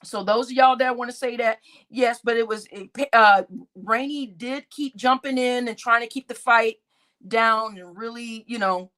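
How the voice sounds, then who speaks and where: Woman channel host, a bit high-pitched, casual and profane, animated rant straight to camera. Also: normal speed. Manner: talks straight to her audience as y'all. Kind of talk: casual venting to viewers.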